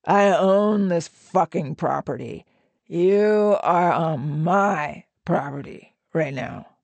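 A woman reading a story, voicing a drunk, menacing man with slow, taunting, aggressive delivery. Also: fairly low pitch, vocal fry, darkish tone, dry recording, exaggerated voice. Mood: hostile. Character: drunk menacing young man, property owner.

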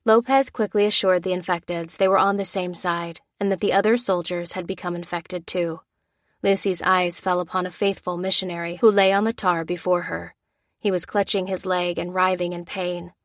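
Steady woman audiobook narrator, dry sound. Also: fairly low pitch, moderate pace, dry recording. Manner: steady, even storytelling.

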